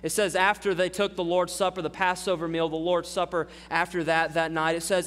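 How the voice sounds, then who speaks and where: Male pastor with a high voice, earnest sermon delivery that swells on scripture, long hall reverb. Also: fairly even intonation, brisk, hardly any pauses, a bit bright. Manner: earnest preaching, rising in force when quoting scripture.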